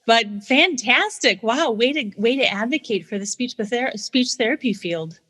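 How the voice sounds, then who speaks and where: A woman's voice: a little high, expressive, moderate pace. A woman hosting a podcast interview, greeting guests with enthusiasm. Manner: warm, enthusiastic welcomes. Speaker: podcast host.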